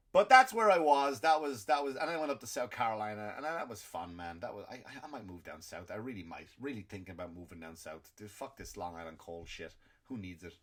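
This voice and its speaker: An Irish man hosts a comedy podcast, ranting in a loose stand-up style. He often restarts and repeats words, swinging between loud outbursts and low muttering.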